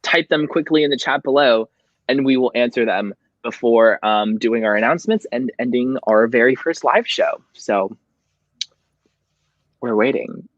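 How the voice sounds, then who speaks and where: A man's voice: mid-range voice, moderate pace, no echo, dull audio. A tipsy man hosting a casual book club livestream, emotional and reading passages aloud through a home computer mic on a call. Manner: emotional, reads quotes aloud tearfully. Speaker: show host.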